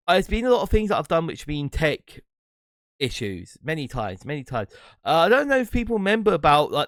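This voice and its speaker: In a casual solo monologue, a man who hosts his own podcast and streams muses in a rambling, reflective way, occasionally breaking into laughter. His fairly high voice has a fairly bright tone, and the studio-quality audio carries no room sound.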